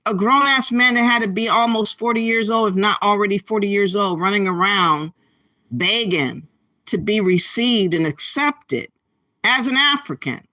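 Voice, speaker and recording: A woman's voice: medium pitch, normal speed, pushed and bright. A woman hosting a commentary channel, talking bluntly and scolding her listeners, stretching words for emphasis. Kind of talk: opinionated commentary.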